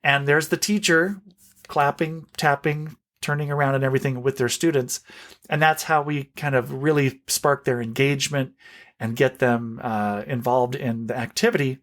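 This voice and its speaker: A man, a music specialist for young children, explaining classroom songs in a lively, teacherly way as a podcast guest. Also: medium pitch, normal speed. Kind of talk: podcast interview.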